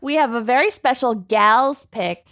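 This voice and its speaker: Bubbly woman podcast co-host, slightly high. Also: measured pace, a bit bright, no room sound, clean studio sound. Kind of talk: casual chat.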